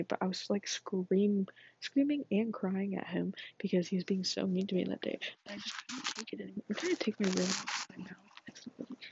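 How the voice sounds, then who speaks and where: A woman's voice: mid-range voice, warm tone, breathy edge, dull audio. A teenage girl in a whispered role-play, rambling chattily through a story. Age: teens. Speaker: vlogger.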